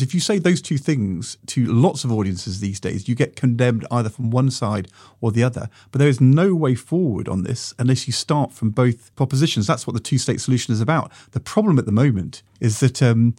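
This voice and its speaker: A middle-aged man co-hosting a political podcast, talking in a measured, nuanced way and recounting anecdotes. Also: medium pitch, expressive, mellow, breathy edge, no room sound, clean studio sound. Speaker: podcast co-host, former minister.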